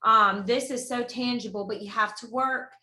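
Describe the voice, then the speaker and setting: A woman's voice: fairly high pitch, steady tone, normal speed, sharp tone, roomy sound. A woman hosting a video call, giving an earnest, rallying motivational talk. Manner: earnest, rallying, repeats key phrases. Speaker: host of a sales team video call.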